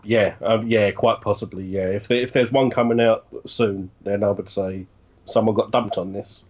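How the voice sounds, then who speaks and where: A man's voice: lowish voice, steady tone, moderate pace, darkish tone, dull audio. A man co-hosting a casual video game podcast, blunt and joking and swearing now and then. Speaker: co-host.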